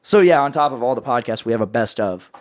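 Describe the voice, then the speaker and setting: A man hosting a casual podcast, rambling through plugs with a playful sales-pitch delivery. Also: animated, fast, dry recording. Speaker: podcast host and network editor. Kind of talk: casual podcast chat with co-hosts.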